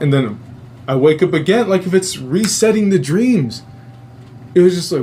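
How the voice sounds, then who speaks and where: A male host tells a long story in a casual, rambling way, swearing freely and getting animated. His voice sits slightly high for a man, and a faint noise hums underneath. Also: normal speed. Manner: profane, rambling, animated retelling.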